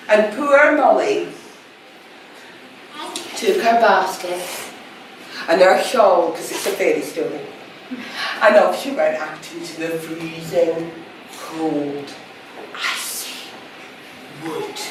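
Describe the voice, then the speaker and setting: A woman's voice: on the low side, slow pace, long pauses. A Scottish woman storyteller telling a fairy tale live, playful and chatty, speaking straight to her listeners. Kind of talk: live oral storytelling to an audience. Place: museum hall. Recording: echoey hall, mic far off, faint noise.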